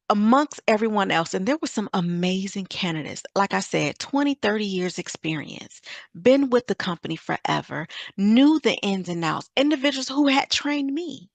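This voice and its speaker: A woman's voice: mid-range voice, expressive, normal speed, vocal fry, no echo. A middle-aged woman from Michigan telling an earnest, faith-filled story of her career as a summit speaker. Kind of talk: personal testimony talk.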